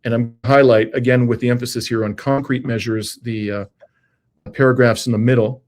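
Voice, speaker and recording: A male interview host with a mid-pitched voice and a measured, deliberate delivery. He often pauses on "uh" as he sets up his questions. He sounds like he is on a video call. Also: steady tone, a little mellow. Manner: measured, many "uh" fillers. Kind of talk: scripted intro then interview questions.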